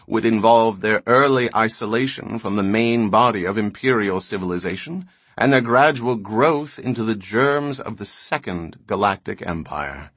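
A man's voice: medium pitch, a bit bright, dry recording, lightly acted. A man voicing a grave, patient old male scholar in an audiobook.

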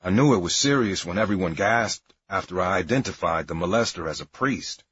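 A man's voice: deep voice, lively intonation, a little fast, a bit bright, slight background noise. A man narrating a memoir in a wry, matter-of-fact storytelling manner. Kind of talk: memoir audiobook reading. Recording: dry, dull lo-fi recording.

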